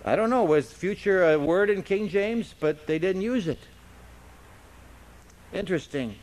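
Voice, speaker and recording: A man with a high voice preaches in an unhurried, deliberate way. He teaches the Bible as a pastor and keeps the tone conversational. He keeps tossing rhetorical questions to his congregation. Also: expressive, a little mellow, a little hiss or hum. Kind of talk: expository Bible-teaching sermon.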